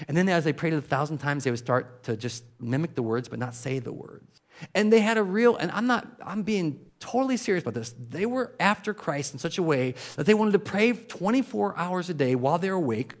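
A man preaching a sermon in a casual, chatty way, full of fillers and asides, who drops to a soft hush when reciting prayers. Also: a little high. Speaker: pastor.

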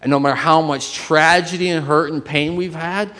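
A man preaching a sermon as pastor, shifting between loud emphatic passages and hushed ones, and acting out inner voices. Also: a little high, fairly even intonation, moderate pace, big-room sound.

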